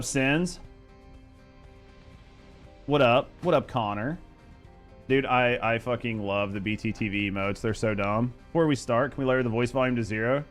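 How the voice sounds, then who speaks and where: Smooth-voiced profane male streamer. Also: mid-range voice, a bit bright. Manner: loose, profane, joking banter with chat. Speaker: streamer and gaming host. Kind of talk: casual live-stream chat.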